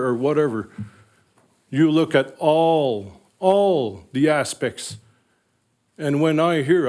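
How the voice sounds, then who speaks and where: A retired man in his sixties with a Northern Ontario accent, giving an emotional, halting public comment at a council meeting. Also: a little high, a little mellow. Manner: emotional, halting, repeats words. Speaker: resident speaking at council meeting.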